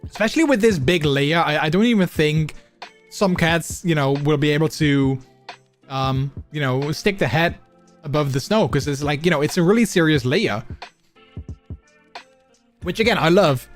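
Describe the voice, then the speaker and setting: Man, streamer chatting with chat, rambling, restarts a lot, higher-than-usual voice, faint music behind. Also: normal speed, pauses often. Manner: rambling with many fillers and restarts. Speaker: livestreamer. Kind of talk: casual chat with viewers. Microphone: close desk microphone.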